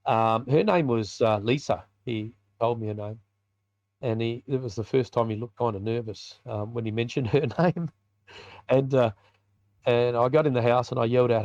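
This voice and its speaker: As a podcast guest, an Australian man who leads a biker ministry recounts a personal story in a colloquial, vivid way, acting out the conversations. His voice is middle-pitched, a little mellow, and at normal speed. The recording is dry and slightly muffled.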